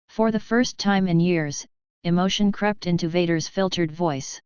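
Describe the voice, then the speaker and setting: A woman narrates a fan story in an even, measured read. Her voice is low and very smooth. The recording is dull and lo-fi with a dry, close sound. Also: no echo.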